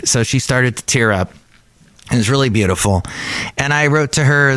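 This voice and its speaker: A man's voice: mid-range voice, normal speed, fairly bright tone, no room sound. A man hosting his own podcast, chatting casually and rambling from one aside to the next. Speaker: podcast host. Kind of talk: casual solo podcast chat.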